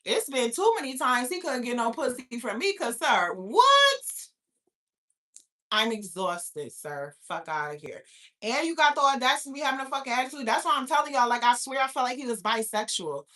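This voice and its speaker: Young woman from New York, livestream host; bright, higher voice, profane and animated rant. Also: fast talker, few pauses. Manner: profane, animated, talks back to chat.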